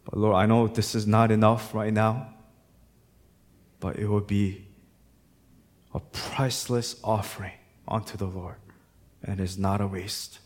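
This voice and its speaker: A male pastor preaching a sermon, moving between quiet, reflective passages and loud, impassioned exhortation. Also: fairly low pitch, little pitch movement, measured pace, pauses often, big-room sound.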